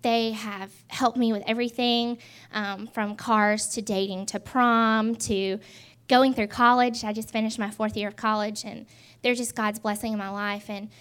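A woman in her twenties telling her personal faith testimony in an earnest, halting way with many pauses. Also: a little high, level tone, fairly bright tone, clear, resonant tone. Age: 20s. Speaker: testimony speaker.

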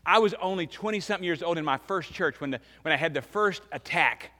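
Bright-voiced preacher in an echoing hall. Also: male voice, on the high side, quick pace. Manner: emphatic preaching, swings between loud and hushed. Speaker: pastor. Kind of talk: sermon. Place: church sanctuary. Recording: long reverb of a large church hall.

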